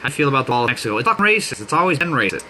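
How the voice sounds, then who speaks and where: A man's voice: medium pitch, very animated, very fast. Casual male streamer, mid-range voice, profane and rambling, phone mic with light background hum. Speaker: livestream host. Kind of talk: casual livestream chat. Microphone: phone held in hand.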